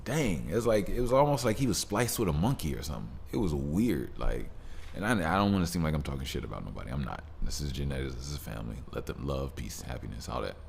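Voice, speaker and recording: A man's voice: very deep voice, sing-song, fast, vocal fry, a little mellow, slight background noise. A man hosting a solo podcast, talking in a rambling, laid-back way with lots of fillers and restarts. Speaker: podcast host. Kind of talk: casual solo podcast monologue.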